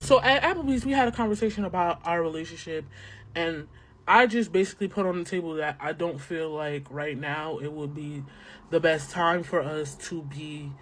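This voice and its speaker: Woman, lower voice, casual storytime, chatty, slangy, candid.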